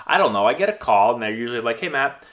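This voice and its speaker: Racing along in a mid-range voice with big pitch swings, a man in his thirties who used to play ball professionally and coach vlogs casually to his viewers. He rambles, restarting often and leaning on fillers.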